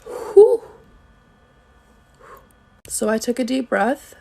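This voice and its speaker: Young woman, mid pitch, sassy work storytime, acts out the quotes, lots of cussing. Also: fairly quick, a little mellow. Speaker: retail worker. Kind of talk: casual storytime monologue.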